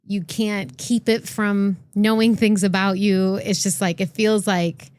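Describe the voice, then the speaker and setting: A woman in a casual podcast chat, speaking at a middle pitch. She is animated and laughs easily, getting worked up over what she talks about. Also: measured pace, clear, resonant tone. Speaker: podcast guest.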